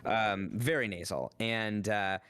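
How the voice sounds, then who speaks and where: A man in his thirties, a voice actor guest, chatting casually and acting out quoted lines in lively voices. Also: fairly low pitch, slow pace, a little hiss or hum. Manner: animated storyteller, acts out quotes in voices. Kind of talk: casual chat on a stream.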